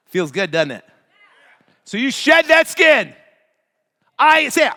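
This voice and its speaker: A man giving a hyped motivational seminar speech to a live crowd, shouting chants. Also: high voice, huge pitch swings, drawn-out words, long pauses. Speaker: motivational speaker. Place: large event hall. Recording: reverberant hall.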